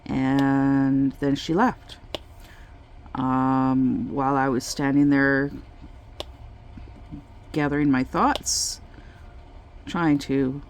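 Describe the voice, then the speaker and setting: Slow, gravelly-voiced woman telling a story. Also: extremely low pitch, flat delivery, a little mellow, a little hiss or hum. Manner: slow, halting storytelling with many pauses. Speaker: craft vlogger. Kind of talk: casual chat while crafting.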